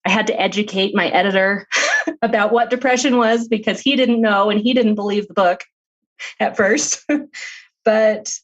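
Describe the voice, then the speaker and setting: A middle-aged woman talks as a guest on an interview podcast, recounting a personal story in an earnest, open manner. Her pitch sits in the usual middle range for a woman, and she often breaks into light laughs. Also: dull audio. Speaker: author and guest.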